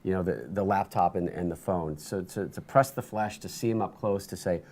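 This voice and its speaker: A man talking as a guest in a studio interview, telling animated stories with lots of restarts and bursts of energy. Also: low voice, fairly quick. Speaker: interview guest, sports broadcaster.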